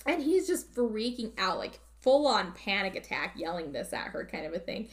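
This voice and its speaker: A woman on a podcast casually recapping a movie, animated and swearing freely. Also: mid-range voice, normal speed. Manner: animated, profane storyteller. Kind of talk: casual chat.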